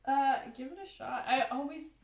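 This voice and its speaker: A woman's voice: high-pitched, fairly even intonation, moderate pace, reverberant. A woman co-hosting a casual podcast, chatting and reading passages from old books aloud with frequent giggles. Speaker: podcast co-host.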